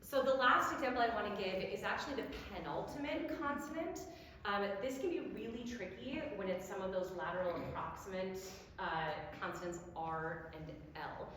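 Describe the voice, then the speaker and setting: A woman giving a diction lecture, slowly demonstrating sounds and having the audience repeat them. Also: medium pitch, a bit bright, slight background noise. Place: lecture hall. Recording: very echoey hall, long reverb.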